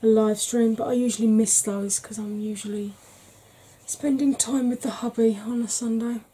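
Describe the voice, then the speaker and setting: A Welsh woman chatting frankly in a soft-spoken ASMR vlog, rambling with fillers. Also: fairly high pitch, steady tone, moderate pace, husky. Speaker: ASMR vlogger.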